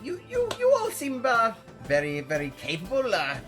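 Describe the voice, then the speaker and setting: A man's voice: very high voice, huge pitch swings, normal speed, fairly bright tone, soft background music, pitched above the performer's own voice, full character voice. A man voicing a flamboyant, boastful male wizard chronicler who fumbles with fillers in a tabletop game. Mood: grandiose. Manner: theatrical, fumbling with many fillers.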